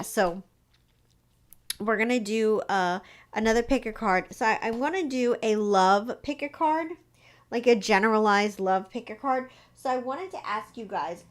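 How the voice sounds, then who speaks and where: A young woman hosting a live stream, rambling casually with lots of fillers and acting out quoted lines. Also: mid-range voice. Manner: chatty, rambling, lots of "like" and restarts; acts out quoted lines in her stories. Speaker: psychic livestream host.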